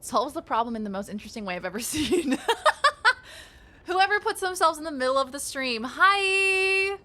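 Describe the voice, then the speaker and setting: Fairly quick and animated, this woman's high, fairly bright voice keeps up playful chatter as she streams a card game. She swears, talks with her viewers, and reads the card text out loud as she plays.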